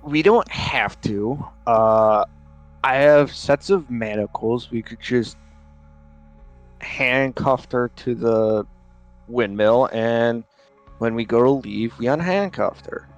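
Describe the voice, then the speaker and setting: Dude at the game table talking real slow, lots of ums while he figures out a plan. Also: medium pitch, dull audio, faint music behind. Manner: deliberate, hesitant with ums. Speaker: player.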